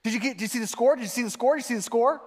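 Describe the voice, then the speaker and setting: A man's voice: very high voice, rapid-fire, pitched above the performer's own voice. A man voicing a nagging child who pesters his dad with the same questions over and over. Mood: pestering. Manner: repetitive, insistent questions.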